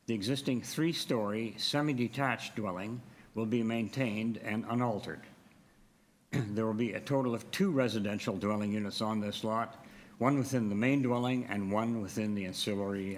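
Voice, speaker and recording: A man with a fairly low voice chairs a public hearing, reading out items in a formal, procedural manner. A faint hiss sits under his voice in the hearing room. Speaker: committee chair.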